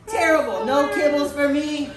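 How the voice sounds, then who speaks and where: A woman's voice: high voice, moderate pace. A woman complaining and swearing casually in conversation. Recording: echoey room, voice far from mic.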